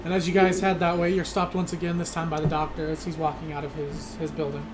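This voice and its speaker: A man narrating a tabletop game as game master, relaxed and full of fillers, in a noisy recording. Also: on the high side, fast talker.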